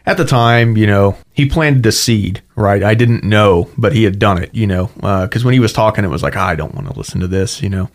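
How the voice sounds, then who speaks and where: A man's voice: on the low side, moderate pace, hardly any pauses. A young man from Ohio, a Marine guest telling his story casually, full of "you know" and "right.". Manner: chatty, many fillers like "you know, right".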